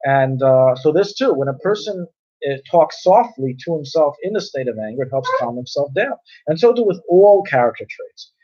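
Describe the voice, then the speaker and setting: A man's voice: a little high, expressive, normal speed, mellow. A man teaching a conversational Torah class, explaining with everyday examples and often repeating and restarting his phrases. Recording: dull lo-fi recording.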